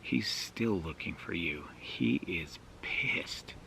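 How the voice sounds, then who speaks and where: A man quoting a friendly male neighbor from church, speaking in a hushed, drawn-out, confiding way. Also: low-pitched, gravelly, slight background noise, full character voice, low-quality recording. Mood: hushed warning.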